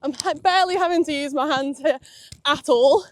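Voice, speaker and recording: A woman's voice: high voice, brisk, a little hiss or hum. A young woman giving casual commentary while she rides, chatty and full of praise for her horse. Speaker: equestrian vlogger. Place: outdoor riding arena at a stable yard.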